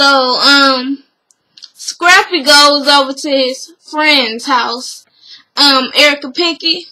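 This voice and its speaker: A woman's voice: high-pitched, bright, forceful tone, low-quality recording. A young woman talking casually and bluntly as a vlogger, acting out quotes and swearing freely as she recaps.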